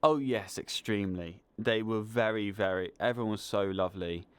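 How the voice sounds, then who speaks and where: Young Southern English man, low smooth voice, eager casual interview guest. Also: normal speed, dry recording. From England. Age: young adult. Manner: enthusiastic, animated storyteller. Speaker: guest, film student.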